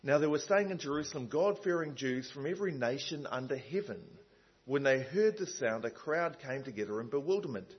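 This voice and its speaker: A man preaches in a relaxed, talky way and often stops for asides and fillers. His voice is husky and sits at a middle pitch. The recording sounds dull and lo-fi. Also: fairly quick. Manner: conversational, many fillers and asides. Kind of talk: sermon.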